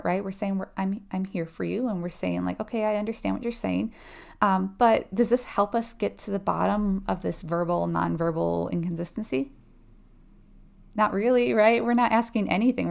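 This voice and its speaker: A woman's voice: medium pitch, creaky, darkish tone. A woman tutoring nursing students through an exam question, casual and conversational, often checking in with "right?". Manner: acts out short quoted replies with a laugh.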